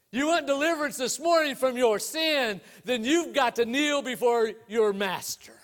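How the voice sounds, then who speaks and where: A man preaching a sermon, telling stories and asking rhetorical questions, swinging between loud emphasis and hushed low lines. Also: expressive, measured pace. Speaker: pastor.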